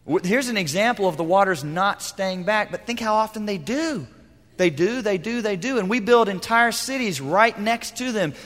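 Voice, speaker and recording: A man preaching a sermon as pastor, swinging between loud emphatic lines and hushed, quiet asides. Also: sits high, expressive, moderate pace, long reverb tail.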